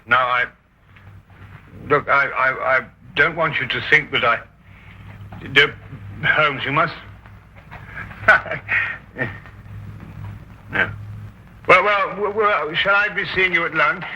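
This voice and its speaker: An actor playing Dr. Watson, a loyal and easily flustered Victorian doctor who stammers earnestly, in 1950s television drama style. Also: male voice, fairly high pitch, fairly even intonation, slow, long pauses, bright, forceful tone, slightly rough, heavily acted. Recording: dull lo-fi 1950s TV soundtrack.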